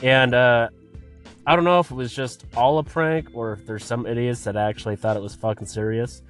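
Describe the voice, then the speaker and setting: A man's voice: medium pitch, a little fast, faint music behind. A man hosting a podcast, delivering a profane comedic rant in an exasperated, swearing manner. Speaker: podcast host.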